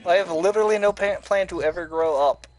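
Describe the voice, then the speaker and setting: A man's voice: high voice, fairly even intonation, fast, darkish tone. A man playing a game with friends, wisecracking and blurting reactions. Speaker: co-player. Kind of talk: casual gaming chat.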